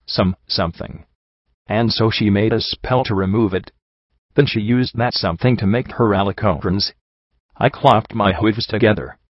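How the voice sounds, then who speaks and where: A man reading a first-person story aloud in a calm, earnest narration. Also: lowish voice, moderate pace, dry recording. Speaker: audiobook narrator. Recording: dull lo-fi, dry.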